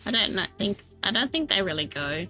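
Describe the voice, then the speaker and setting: A woman's voice: medium pitch, big pitch swings, a little fast, pushed and bright, faint music behind, poor audio. A woman chatting casually while she plays and builds in a game, self-deprecating and laughing often. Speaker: Minecraft streamer. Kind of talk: casual gameplay chat.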